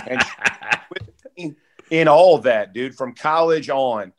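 A man's voice: on the high side, lively intonation, a little slow, fairly bright tone. A man in his forties, a former football player, telling stories in a casual, heartfelt way, peppered with "bro" and "dude". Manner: laid-back, peppers talk with "bro" and "dude"; heartfelt, close to tears. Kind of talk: casual podcast storytelling.

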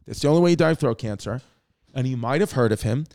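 A man's voice: mid-range voice, lively intonation, fast, darkish tone. A man hosting a comedic history show, brash and profane, rambling through jokes and asides. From Brooklyn, New York.

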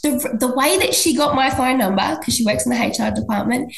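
A woman guest on a podcast, telling a personal story in an animated way and jumping high in pitch when she quotes people. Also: a little fast, vocal fry. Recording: echoey room.

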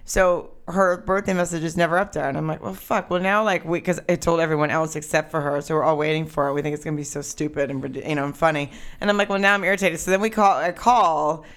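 Woman podcast co-host, lively anecdote-teller, casual and profane. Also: low voice, quick pace, few pauses. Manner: animated storyteller, swears and laughs often.

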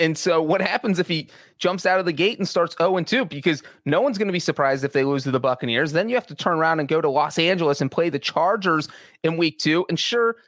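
Podcast regular, man, chatty and analytical, raised pitch, dry mic. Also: fairly bright tone, dry recording. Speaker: football writer and podcast regular. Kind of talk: casual podcast sports talk.

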